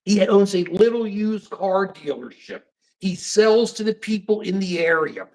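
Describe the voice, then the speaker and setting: Older american guy hosting a talk show, kinda high voice, rambles and acts stuff out. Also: creaky, poor audio. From United States. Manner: animated, rambling, acts out dialogue. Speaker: podcast host. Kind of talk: casual political talk show.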